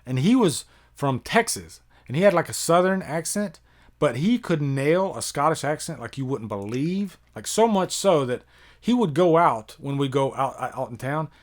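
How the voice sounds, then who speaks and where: A chatty American YouTube horror movie reviewer hosts a relaxed live-stream Q&A, rambling with many fillers and reading out questions from viewers. He has a mid-range voice.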